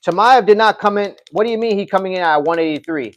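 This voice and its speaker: High-pitched male streamer, casual chat with his audience, animated and loose-mouthed. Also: a little fast. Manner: animated, talks straight to chat, swears. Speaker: livestream host. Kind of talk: casual livestream chat reading comments.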